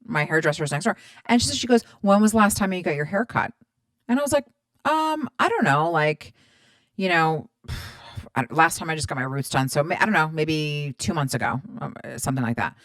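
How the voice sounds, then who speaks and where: 30s woman doing a chatty podcast, low voice, swears a lot, plays out both sides of convos, dry close sound. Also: brisk, dry recording. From Middle Eastern background. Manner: chatty and animated, swears freely, acts out both sides of a conversation. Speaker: podcast host. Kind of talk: casual storytelling monologue.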